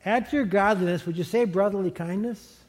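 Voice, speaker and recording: A middle-aged man preaching a sermon as pastor, conversational and animated, chuckling now and then. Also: high voice, brisk. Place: large church sanctuary. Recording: long hall reverb from a church sanctuary.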